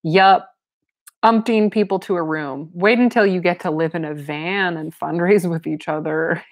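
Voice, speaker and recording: A woman's voice: on the low side, normal speed, no echo. A woman reading a novel aloud with casual commentary, breaking in with wry asides and frequent laughs. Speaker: reader and commentator.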